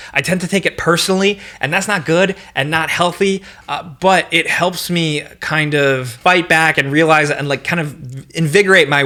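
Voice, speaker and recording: Bright-voiced man with a slight New York accent. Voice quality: high, animated voice. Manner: rambling, with frequent restarts. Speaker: gaming video host. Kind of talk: casual Q&A chat.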